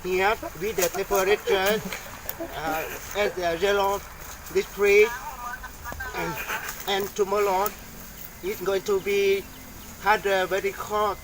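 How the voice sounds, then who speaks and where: A Lao-accented man fumbles through a mock weather report, pausing with frequent fillers. His voice is high and slow, recorded outdoors with faint nature sounds behind. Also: little pitch movement, noisy background. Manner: hesitant, many uh fillers. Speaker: weather presenter. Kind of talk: student role-play weather report.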